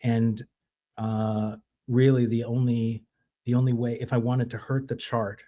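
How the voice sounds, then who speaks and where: A man speaking in a casual audio chat, explaining his plan in halting starts and repeated words. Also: medium pitch, flat delivery, dark tone.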